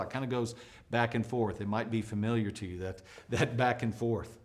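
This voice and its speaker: A middle-aged man from the United States teaches a leadership lesson in an energetic, emphatic way. His pitch is middle for a man, and his voice jumps up when he stresses a point or acts out a quoted speaker. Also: moderate pace. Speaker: leadership trainer.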